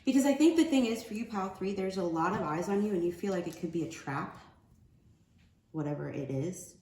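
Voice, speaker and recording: A woman's voice: on the low side, animated, brisk, darkish tone. Rambling woman reading oracle cards. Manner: loose, rambling, slangy chat. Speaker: spiritual card reader. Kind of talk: casual oracle card reading. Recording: echoey room with faint ambient noise.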